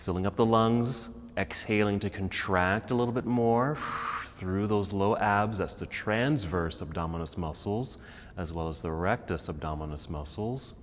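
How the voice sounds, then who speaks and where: A man leading a guided yoga class, giving calm, encouraging cues about posture and breathing. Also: on the low side, moderate pace, long reverb tail, slight background noise. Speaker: yoga instructor. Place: yoga studio.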